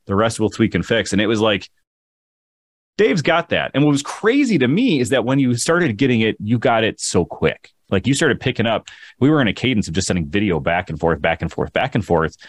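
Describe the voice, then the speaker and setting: Fast, lively low-voiced man hosting. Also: no echo. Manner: enthusiastic, rambling storyteller. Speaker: podcast host. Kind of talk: casual podcast chat.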